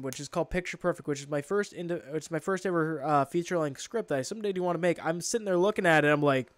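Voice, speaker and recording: A man's voice: a little high, no echo. A man co-hosting a podcast in casual chat, ranting with plenty of swearing and exasperation. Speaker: podcast co-host.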